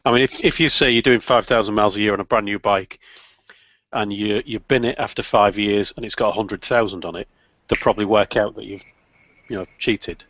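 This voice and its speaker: A man's voice: lowish voice, fairly even intonation, a little fast, fairly bright tone, no room sound. A British man hosts a casual group chat. He tells stories with a dry sense of humour. His voice sounds close and dry, and the audio is slightly muffled. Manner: chatty, storytelling with dry humour. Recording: dull lo-fi call audio.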